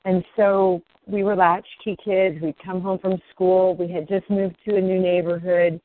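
A woman guest telling her own story candidly, swearing freely and rising in pitch as she speaks. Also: little pitch movement, unhurried. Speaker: interview guest. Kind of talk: emotional personal storytelling. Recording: dry, tinny phone-like line.

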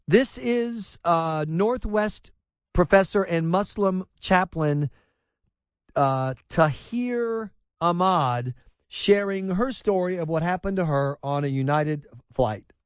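A man's voice: high voice, takes it slowly, clean tone, no echo. A man hosting a talk radio show, ranting in a sarcastic, exasperated monologue into a studio microphone.

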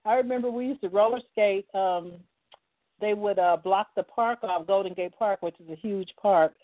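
A woman's voice: medium pitch, moderate pace, dry recording. A woman hosting a casual talk show, chatting and reminiscing easily. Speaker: podcast host. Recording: dry, narrow phone line.

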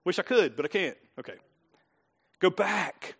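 Man preaching a sermon, high voice, bright tone, hushed asides then loud emphatic lines, frequent laughs. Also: expressive, a little slow, breathy edge. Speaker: pastor.

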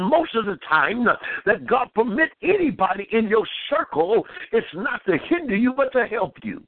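A man preaching a fervent sermon, calling his listeners "beloved" and filling pauses with "uh". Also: very high-pitched, no room sound. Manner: fervent preaching with frequent "uh" fillers. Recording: tinny phone-line sound.

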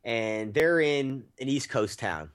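A man's voice: mid-range voice, animated, slow pace. Profane rambling male podcast host. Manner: rambling, profane, laughing storyteller. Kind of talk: casual movie-review chat.

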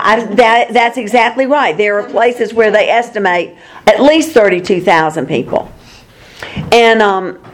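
Bible study teacher, woman, fairly high voice, chatty with rhetorical asides. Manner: conversational, chuckles, explains with rhetorical asides.

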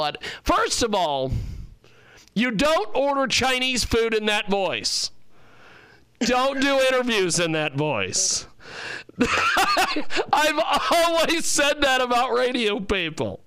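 A man's voice: extremely high pitch, big pitch swings, slow pace, pauses often, bright, forceful tone, clean tone, no echo. A man hosting a radio talk show in casual chat, telling rambling stories and laughing often.

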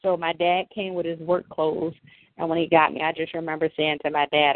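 A woman tells a childhood story in a fairly low voice, slipping into other people's voices as she quotes them. The sound is dry and tinny, like a phone line. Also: a little fast, no echo. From New Orleans, USA. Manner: animated, acts out quoted people in raised voices. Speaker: interviewee. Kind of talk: personal storytelling in an interview.

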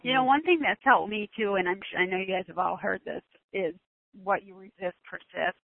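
Woman, mid pitch, chatty anecdote, phone-like dry audio. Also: normal speed, vocal fry, no echo. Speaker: community call participant. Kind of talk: casual storytelling in a group call.

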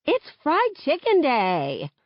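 A woman's voice: high voice, wildly swooping pitch, takes it slowly, dry recording, dull audio, pitched above the performer's own voice, exaggerated voice. A woman doing a brash, defensive teen girl. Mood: indignant. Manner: loud, sharp and exasperated.

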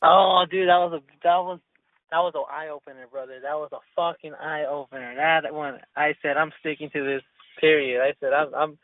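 A man's voice: fairly high pitch, fairly even intonation, brisk, no echo. A man telling a rambling story in casual chat, with lots of profanity and restarts. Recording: tinny phone-line sound.

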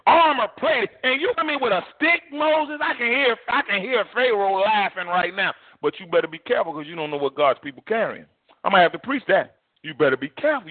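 A male pastor preaching a sermon in an animated, repetitive, vernacular way. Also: sits high, dry recording. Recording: tinny phone-like dry recording.

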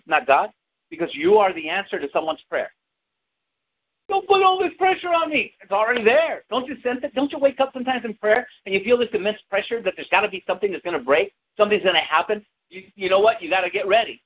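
A man preaching a sermon, calling out to the congregation for responses and telling a story from his childhood. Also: high-pitched. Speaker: pastor. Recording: tinny lo-fi with hiss.

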